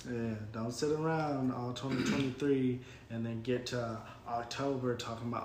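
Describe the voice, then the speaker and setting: A man's voice: mid-range voice, steady tone, moderate pace, hardly any pauses, darkish tone. A laid-back man giving motivational talk in casual podcast chat, chuckling often. The room is echoey, with a faint hum behind him. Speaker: co-host.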